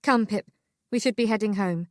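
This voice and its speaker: A woman voicing a brisk, proper older sister. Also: a little mellow, dry recording, studio quality, close to an everyday voice. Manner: brisk, practical, lowered voice.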